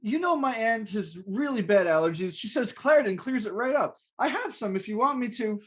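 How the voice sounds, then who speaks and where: A man's voice: sits high, expressive, fairly quick, a bit bright, breathy edge, pitched above the performer's own voice, exaggerated voice. A man voicing a timid young man who stammers and pleads with his landlord, in a comedic script read-through. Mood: nervous.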